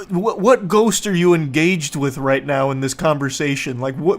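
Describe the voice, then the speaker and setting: A man's voice: a little high, moderate pace, few pauses. A man giving comedic commentary as he reads text messages aloud, sarcastic, profane and incredulous. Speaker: online commentator.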